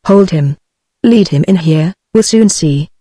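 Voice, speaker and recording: A woman's voice: on the low side, measured pace, slightly rough, no echo, clean studio sound. A text-to-speech woman's voice with a British English accent, reading the lines of a stern middle-aged father without any character voice. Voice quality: flat machine read, no character voice. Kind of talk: synthetic audiobook dialogue.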